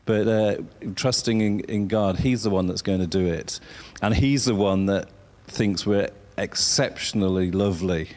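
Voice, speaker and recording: A man preaching an informal sermon, halting and repeating himself as he coaxes listeners to speak along. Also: fairly low pitch, a little mellow.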